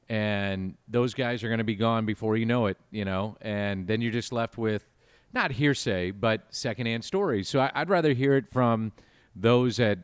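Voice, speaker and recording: A male baseball broadcaster talks easily in a casual podcast chat, thoughtful and unhurried. His voice is low and smooth, recorded close and dry in a studio. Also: dry recording. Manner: relaxed and reflective, with small restarts.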